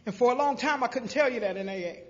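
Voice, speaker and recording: A woman from South Carolina telling her recovery story to a crowd, a lively storyteller who acts out voices with humor. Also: a little high, fast. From Greenville, South Carolina. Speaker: recovery speaker. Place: large convention hall. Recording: dull lo-fi convention hall recording with long reverb.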